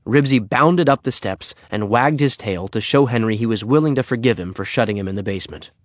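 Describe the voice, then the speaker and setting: Man, storybook narrator, low pitch, steady measured reading, dry recording. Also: dry recording.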